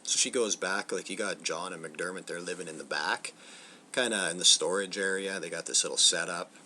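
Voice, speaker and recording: A man's voice: sits low, a little fast, bright, forceful tone, slight background noise. A man hosting a casual spoken film review, loose and profane, acting out bits of movie dialogue as he goes. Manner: loose and profane, acts out film lines in snippets. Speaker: movie reviewer, channel host.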